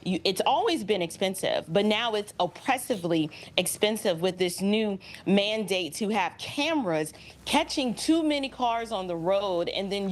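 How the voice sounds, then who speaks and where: A woman's voice: mid-range voice, a little hiss or hum. A woman in her forties from New York City, giving indignant, emphatic commentary as a guest on a cable news show.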